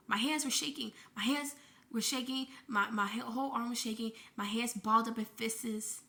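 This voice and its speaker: A woman's voice: a little high, steady tone, normal speed, bright, forceful tone. A woman vlogger telling an emotional personal story, shaken and grieving, in a breathless retelling with frequent swearing.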